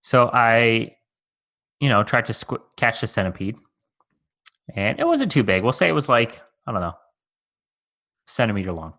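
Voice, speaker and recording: A man's voice: medium pitch, lively intonation, normal speed, long pauses, bright, forceful tone. A man co-hosting a casual podcast, telling a rambling story with many fillers. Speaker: podcast co-host.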